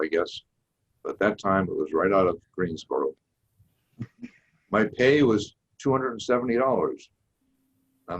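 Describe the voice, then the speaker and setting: Guest speaker, eighties, Boston accent; low and raspy, unhurried folksy storyteller; muffled lo-fi sound. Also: male voice. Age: 80s. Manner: measured, folksy storytelling with occasional restarts. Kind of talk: prepared seminar talk. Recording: dull lo-fi recording.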